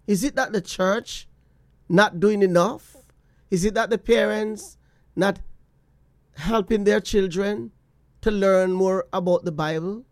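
A man hosting a call-in radio talk show, asking measured questions. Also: sits high, no echo.

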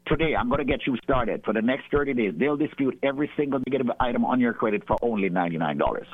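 A man hosting a radio segment, lecturing emphatically and repeating his key points as he pitches a service. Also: expressive, very fast, husky, no echo. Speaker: radio host and company owner. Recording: tinny phone-like line.

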